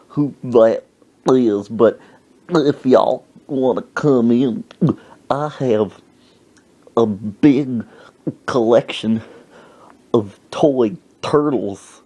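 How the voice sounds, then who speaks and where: A man voicing a touchy old man who collects toy turtles, talking in a slow, whiny drawl. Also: medium pitch, mellow, lo-fi sound.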